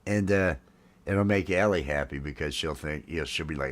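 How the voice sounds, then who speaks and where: A man in his fifties with a very deep voice runs a casual live stream from home over coffee. He speaks at a moderate pace, rambling and restarting often, with plenty of fillers.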